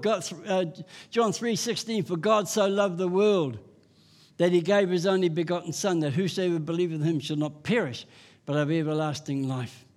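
High-voiced older man preaching a sermon. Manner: impassioned, repetitive refrains, rising to loud peaks.

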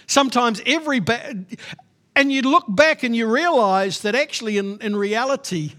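A man's voice: very high voice, expressive, moderate pace, sharp tone. A male pastor preaching a sermon in an emphatic, conversational way, repeating his points.

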